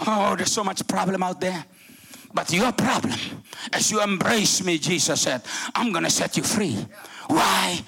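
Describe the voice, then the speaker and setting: Fervent high-voiced older male preacher. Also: creaky, husky. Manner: fervent, shouting exclamations with wide swings between loud and hushed. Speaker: guest preacher. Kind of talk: sermon.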